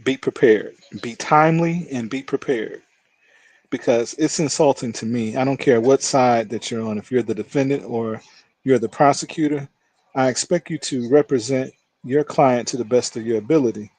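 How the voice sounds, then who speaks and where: A man's voice: mid-range voice, normal speed, no echo. A man who is a judge, telling courtroom stories as a guest in a casual interview. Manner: lively storyteller who acts out voices.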